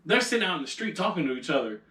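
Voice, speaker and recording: A man's voice: a little high, very animated, racing, pushed and bright, distant mic. A man hosting a podcast, telling a story in casual chat, acting out quotes and laughing often. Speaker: podcast host. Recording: echoey room, a bit off mic.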